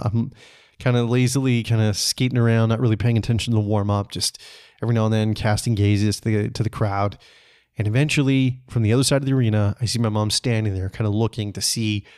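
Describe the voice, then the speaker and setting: A man from Canada telling a personal story on his podcast in a relaxed, conversational way, chuckling often and swearing casually. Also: lowish voice. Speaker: podcast host.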